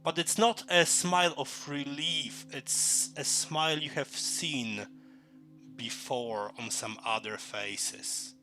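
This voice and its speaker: A man narrating a tabletop fantasy game as game master, halting often with fillers and restarts. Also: mid-range voice, bright, forceful tone, faint music behind.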